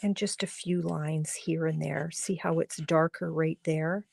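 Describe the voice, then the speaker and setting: A woman runs a live-streamed card-making class from her home studio, chatting and explaining while she colors, often dropping to a murmur as she loses her voice. Her voice is deep, gravelly and darkish, steady and a little slow, with no room sound.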